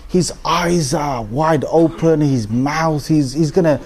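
Brief: man, middle-aged, lively joking preacher, slightly higher voice. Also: slow pace, a crowd in the background. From United Kingdom. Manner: animated, humorous storytelling with frequent restarts. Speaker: Islamic speaker. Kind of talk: informal talk to a congregation.

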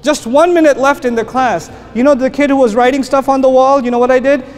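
A middle-aged man giving an animated religious talk, acting out classroom stories and dropping to hushed tones. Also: extremely high pitch, quick pace. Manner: animated storyteller, acts out scenes, drops to quiet hushed tones. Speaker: Islamic teacher and speaker. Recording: long reverb of a hall, faint noise.

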